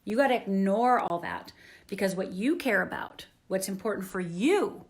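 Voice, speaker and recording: Woman, self-help coach, mid-range voice, earnest and lively on camera. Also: mid-range voice, normal speed. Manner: earnest, animated, asks the listener "right?". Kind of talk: direct-to-camera coaching talk.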